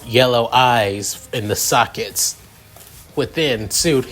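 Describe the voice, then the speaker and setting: A man's voice: medium pitch, a bit bright. A young man improvising a fan story aloud, rambling and restarting his sentences often.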